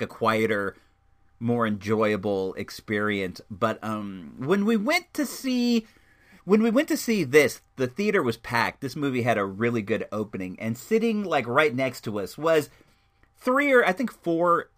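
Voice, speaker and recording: A young man giving a casual, chatty movie review, telling stories in an animated way. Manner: animated, chatty storytelling with lively swings in pitch.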